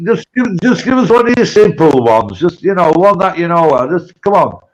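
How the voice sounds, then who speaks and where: High-voiced pushy man. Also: big pitch swings, normal speed, lo-fi sound. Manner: pushy, swears, repeats himself.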